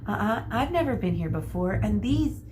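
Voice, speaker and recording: A woman's voice: medium pitch, very animated, moderate pace, background noise, close to an everyday voice. A woman reading a frustrated pleading young girl. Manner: pleading, plaintive.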